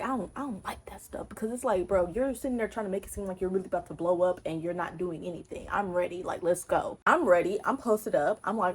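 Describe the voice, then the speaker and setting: A young woman from Texas tells a story in a husky, breathy voice of middling pitch. She talks in a casual, animated way, with emphatic and profane punch lines. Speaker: vlogger.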